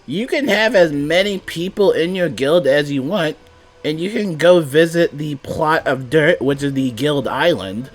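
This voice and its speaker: A stuffed-up man with a cold, ranting to his viewers in an exasperated, casual way and repeating himself as a gaming video maker. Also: on the high side. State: congested from a cold. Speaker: gaming YouTuber. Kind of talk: casual rant to camera.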